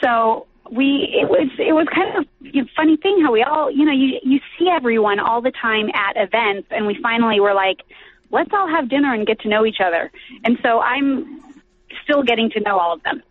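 A woman's voice: a little high, moderate pace, no room sound. Giggly woman guest on the phone, chatty, tinny line. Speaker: actress guest. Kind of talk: casual phone interview.

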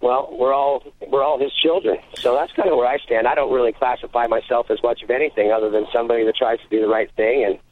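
A man's voice: mid-range voice, steady tone, quick pace, hardly any pauses, slight background noise. A man in his thirties, a fishing deckhand, talking casually as a guest on a phone interview, full of fillers and easygoing. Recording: phone line.

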